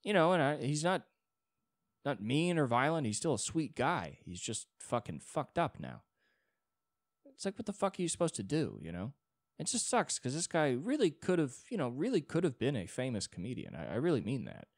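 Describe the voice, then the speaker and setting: A man's voice: medium pitch, huge pitch swings, normal speed, dry recording, studio quality. A young man hosting a solo podcast, rambling in a casual monologue with many restarts and frequent swearing. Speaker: podcast host.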